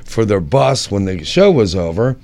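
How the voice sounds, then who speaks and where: A man's voice: on the low side, normal speed, no echo. A man telling wry backstage stories from the events he organized in a casual chat. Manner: animated, wry storyteller. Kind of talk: anecdotal storytelling.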